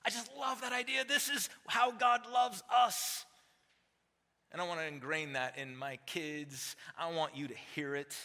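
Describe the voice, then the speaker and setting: A man's voice: a little high, a little slow, pushed and bright. A man in his forties preaching a sermon as a teaching pastor, emphatic and conversational, tossing rhetorical questions to the congregation. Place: large church sanctuary. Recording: long hall reverb.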